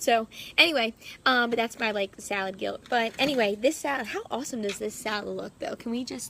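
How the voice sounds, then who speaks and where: A woman's voice: a little high, fast, gravelly, hardly any pauses, sharp tone, a little hiss or hum. A young woman, a fitness coach, talking casually to her followers from her backyard. She rambles and fills her sentences with "like". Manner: rambling, heavy use of "like" fillers. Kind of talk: casual vlog monologue. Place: backyard, outdoors.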